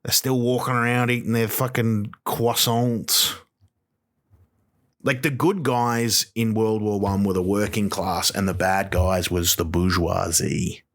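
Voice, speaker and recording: A comedian hosting a podcast, delivering a rambling, sweary, sarcastic rant. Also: male voice, lowish voice, steady tone, unhurried. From Australia. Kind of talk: stand-up style rant.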